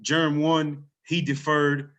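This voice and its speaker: A man hosting a casual sports talk show, talking in an energetic, loose way with frequent restarts and an island lilt under his broadcast voice. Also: fairly high pitch, slow. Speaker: podcast host.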